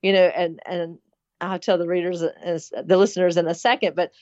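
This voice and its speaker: A woman's voice: lowish voice, level tone, fairly quick, a little mellow, no echo. A middle-aged woman speaking as an interview guest in casual talk, earnest and rambling, with many fillers. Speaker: interview guest planning a hospital. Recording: dull lo-fi sound.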